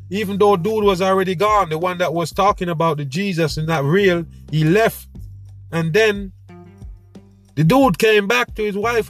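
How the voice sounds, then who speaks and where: A man hosting his own show, telling a story in an animated, preachy way with street slang. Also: high-pitched. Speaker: podcast host. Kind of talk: casual monologue.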